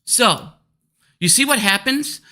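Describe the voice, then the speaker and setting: A man's voice: very high voice, animated, takes it slowly, sharp tone. A man ranting angrily about stocks in a vlog, swearing constantly and arguing hard with his critics. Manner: profane, heated and combative. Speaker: stock market commentator.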